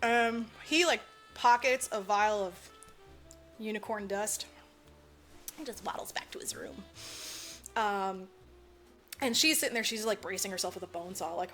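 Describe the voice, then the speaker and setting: With soft music in the background, a medium-pitched woman speaks at a moderate pace and pauses often. She's a podcast co-host giving an animated, profane movie recap and imitating the characters' quotes.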